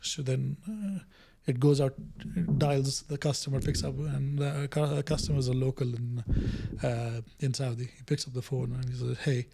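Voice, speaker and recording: A man's voice: mid-range voice, moderate pace, vocal fry, slight background noise. A middle-aged man, a guest, talking through a story in an interview and acting out the quoted lines. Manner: animated storyteller who acts out quoted dialogue. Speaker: guest, innovation director.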